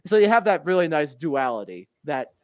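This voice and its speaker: With a sing-song, darkish, slightly high voice at a normal pace, this podcast co-host chats casually. The recording is dry and lacks highs. Recounting scenes, he wanders off on tangents, laughs often, and voices quotes in an affected tone.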